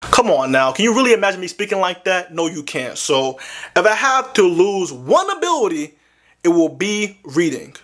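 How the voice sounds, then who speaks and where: A young man with a fairly high voice hosts a casual video game. His pitch swings widely as he talks. He is animated and slangy, and breaks into loud exclamations often. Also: normal speed. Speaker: gaming video host. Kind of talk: casual commentary to camera.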